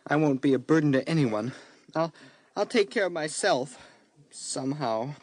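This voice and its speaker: A man's voice: a little high, animated, normal speed, background noise, natural voice. An actor playing a proud, determined crippled young man in a radio drama, talking earnestly and stubbornly. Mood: hurt, determined.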